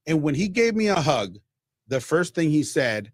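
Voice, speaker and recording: A man from Mexico, a baseball broadcaster telling stories as a radio guest, animated and acting out quotes. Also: medium pitch, normal speed, no room sound, studio quality. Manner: animated, acts out quotes, frequent restarts. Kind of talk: radio interview storytelling.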